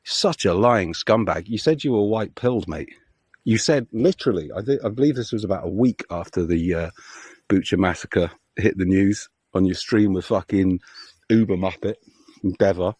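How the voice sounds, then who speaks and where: A man ranting angrily as a political commentary vlogger, sweary and heated with loud outbursts. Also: sits low, moderate pace, slightly rough, dry recording, clean studio sound. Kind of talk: angry profane rant.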